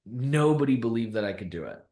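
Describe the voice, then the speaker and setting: A young man from Canada shares a personal story on a podcast, relaxed and conversational. He laughs easily and tells his story with lively energy. His voice sits at an ordinary pitch, and the room adds a noticeable echo. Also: a little fast. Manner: animated, laughs often while telling stories. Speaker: podcast guest. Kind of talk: casual storytelling interview.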